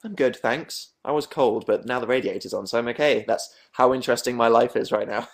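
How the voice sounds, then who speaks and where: A young Englishman with a mid-range voice speaks briskly while hosting a casual late-night livestream from his bedroom. He reads out viewer comments with dry, sarcastic, self-mocking humor.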